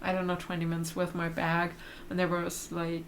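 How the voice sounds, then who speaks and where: A woman's voice: on the low side, monotone, normal speed, slight background noise. A young German woman, German her first language, co-hosting a casual livestream chat and laughing often. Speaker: vlog co-host.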